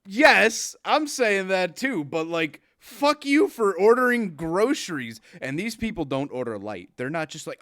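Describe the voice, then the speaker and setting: A young man co-hosting a casual podcast, telling stories with lots of profanity and sarcastic put-on voices. His tone is bright and forceful. The sound is dry and close, with no room behind it. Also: on the high side, expressive, measured pace, few pauses, no room sound. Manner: profane ranting, loud mocking put-on quotes. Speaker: podcast co-host. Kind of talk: casual chat.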